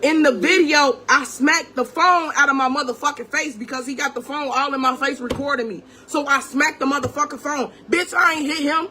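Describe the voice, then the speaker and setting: A woman's voice: high-pitched, brisk, hardly any pauses, pushed and bright, a little hiss or hum. A young woman in an angry storytime rant, profane and confrontational, talking straight to her viewers. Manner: calls viewers "gang", talks straight to them. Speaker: vlogger.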